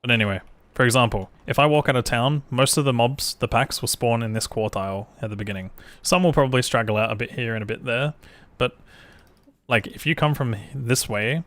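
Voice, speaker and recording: A man's voice: mid-range voice, brisk, fairly bright tone. A young man with an Australian accent, a streamer chatting casually over gameplay, rambling with lots of filler words and swearing. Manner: rambling, full of "like", swears freely.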